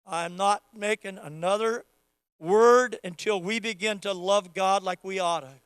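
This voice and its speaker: A man preaching a sermon, moving from casual teaching to loud, fervent prayer. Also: high-pitched, fairly even intonation, unhurried, clean tone, no room sound, studio quality. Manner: acts out quoted voices of God playfully. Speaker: pastor.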